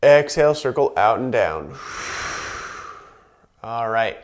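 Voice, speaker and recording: A man of average pitch leads a guided breathing and movement class. He calls out each inhale and exhale in a calm, unhurried way, then drops into relaxed, chatty explanations between the cues. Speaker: movement instructor.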